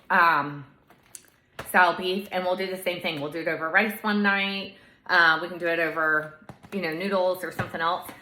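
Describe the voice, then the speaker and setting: A woman's voice: lowish voice, bright, forceful tone, reverberant, slight background noise, rough recording. A woman in her thirties chatting casually through a shopping haul video at home, with lots of asides. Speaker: lifestyle vlogger.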